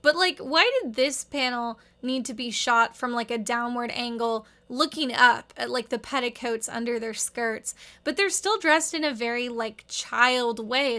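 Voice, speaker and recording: A woman's voice: fairly high pitch, bright, forceful tone. A woman in her thirties giving rambling, wry casual commentary with lots of "like". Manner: wry, rambling, heavy use of "like". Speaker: video essayist.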